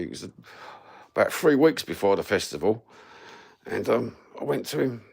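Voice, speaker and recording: Middle-aged Cockney man, gravelly and low, sweary livestream storyteller. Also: moderate pace, long pauses. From East London, England. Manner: sweary, rambling, matter-of-fact. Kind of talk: rambling storytelling.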